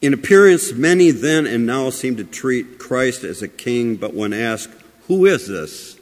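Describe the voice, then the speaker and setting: A man preaching a sermon with many rhetorical questions, moving between loud emphasis and quiet asides. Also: mid-range voice, measured pace. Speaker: pastor. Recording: long hall reverb.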